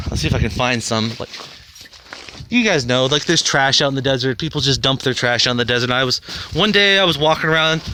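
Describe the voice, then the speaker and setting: A man's voice: a little high, noisy background. A man rambling bluntly to camera in a casual monologue, swearing a lot. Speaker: video host.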